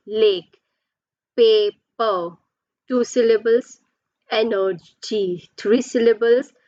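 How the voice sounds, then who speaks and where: A woman's voice: mid-range voice, no echo, dull audio. A woman teacher giving a pronunciation lesson, explaining patiently step by step and drawing out her example words.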